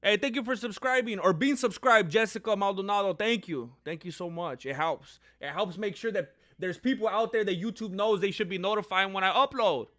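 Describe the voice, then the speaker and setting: A man giving casual live fight commentary as a streamer, chatty and animated, with many fillers and asides. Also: sits high, fairly quick, hardly any pauses.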